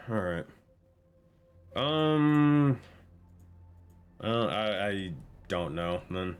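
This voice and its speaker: A man's voice: lowish voice, animated, drawn-out words, pauses often, smooth. A man running a tabletop game on stream, talking casually, exasperated and swearing often. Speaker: game master.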